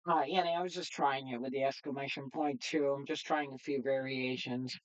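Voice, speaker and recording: A woman's voice: a bass voice, fairly even intonation, a little fast, hardly any pauses, muffled recording. A woman streaming casually, chatting in a rambling way with lots of fillers while she tests her setup. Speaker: streamer and developer. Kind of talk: casual livestream chat.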